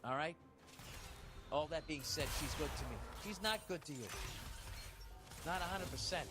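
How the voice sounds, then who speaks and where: A man delivers comic relationship advice as a swearing, sarcastic rant, his voice pitched a little higher than most men's. He talks bluntly and mocks the letter writer. Loud music plays behind him the whole time. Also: normal speed. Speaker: advice show host.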